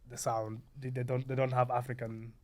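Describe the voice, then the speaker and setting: A man in his thirties from Uganda with a Ugandan accent, a podcast guest recounting memories in a lively storytelling manner. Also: mid-range voice, brisk. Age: 30s. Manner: animated storytelling, quoting his younger self. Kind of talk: podcast interview.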